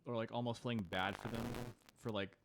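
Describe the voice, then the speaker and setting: Low-voiced man, hesitant and soft. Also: fairly even intonation, a little fast. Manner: tentative, hesitant, soft-spoken with fillers. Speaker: podcast co-host. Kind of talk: casual Bible study discussion.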